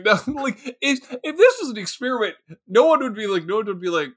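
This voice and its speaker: A man co-hosting a podcast, excitable and rambling, laughing often and jumping into high squeaky bursts. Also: fast, hardly any pauses. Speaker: podcast co-host. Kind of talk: casual movie chat.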